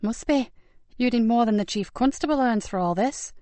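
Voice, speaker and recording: Woman voicing a bright, brisk police constable. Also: fairly high pitch, no room sound, voice pushed up, lightly acted. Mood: brisk, wry. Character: brisk, sharp-witted female police constable.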